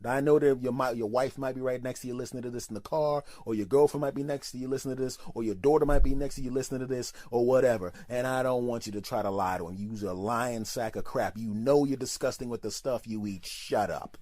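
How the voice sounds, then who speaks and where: A man's voice: mid-range voice, fast talker, hardly any pauses, no room sound, studio quality. Brash, profane man telling a comic story. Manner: animated, swings into voices for quoted friends. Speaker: comedian podcast host. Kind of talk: storytelling comedy monologue.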